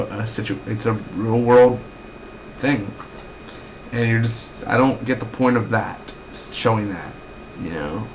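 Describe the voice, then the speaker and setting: A man's voice: medium pitch, creaky, a bit bright, slight background noise. A young man reviewing a TV episode in a casual recap, rambling and ranting with lots of fillers and restarts.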